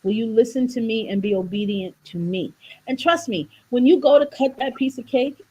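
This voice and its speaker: A woman's voice: a little high, normal speed, breathy edge, rough recording. A woman wellness coach on a video call, talking about faith and health and acting out voices when she tells a story. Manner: animated storyteller, preachy, acts out voices in jokes. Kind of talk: faith-based wellness talk on a livestream.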